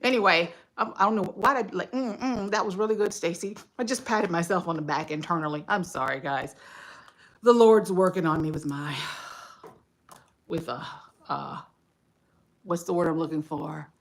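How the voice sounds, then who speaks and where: A woman's voice: on the low side, normal speed, long pauses. A woman hosting a casual home livestream, talking through her thoughts in a reflective, conversational way with frequent fillers. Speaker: livestream host.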